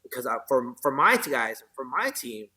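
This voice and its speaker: A man's voice: mid-range voice, sing-song, moderate pace, bright, forceful tone. A man, a military veteran, earnestly telling his personal story as a guest in a podcast interview, with many fillers and tag questions.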